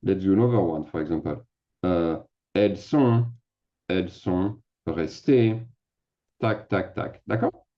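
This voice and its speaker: A man's voice: low voice, highs cut off. A man teaching a casual lesson, chatty and self-mocking as he thinks aloud while typing. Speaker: French teacher. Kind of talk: casual screen-share lesson.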